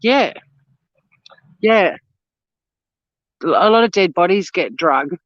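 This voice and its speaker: A woman's voice: fairly low pitch, expressive, takes it slowly, no room sound, lo-fi sound. An Australian woman hosting a casual phone livestream, chatting with viewers, swearing freely and laughing often. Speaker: livestream host. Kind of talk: casual live chat reading viewer comments.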